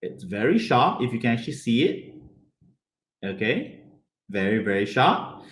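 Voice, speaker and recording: A man teaching a hands-on science lesson to children, animated and constantly asking them questions. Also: mid-range voice, measured pace, echoey room, a little hiss or hum.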